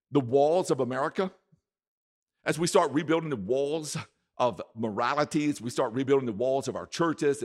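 A pastor preaching a sermon, emphatic and repeating his key words, with volume that swings from soft to loud. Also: fairly high pitch. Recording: echoey hall reverb.

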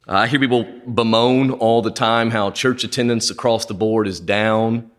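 A male pastor preaching a sermon, swinging dramatically in pitch and loudness and acting out quoted speech in his own voice. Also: fairly even intonation, moderate pace.

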